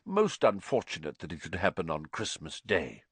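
A man voicing a cheerful, kindly old male headmaster who speaks in a genial, gentle way. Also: low voice, wildly swooping pitch, moderate pace, slightly rough, dry recording, exaggerated voice. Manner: genial, mildly raised, gentle.

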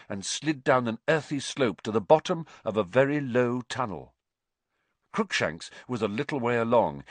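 A man with a low voice narrates a story with dramatic, expressive delivery, his pitch rising and falling widely. He is recorded close on a studio mic in a dry, dead room. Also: no echo. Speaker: audiobook narrator. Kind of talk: scripted narration.

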